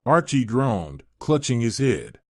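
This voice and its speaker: Man narrating a story, lively pitch. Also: slow pace, dry recording, clean studio sound.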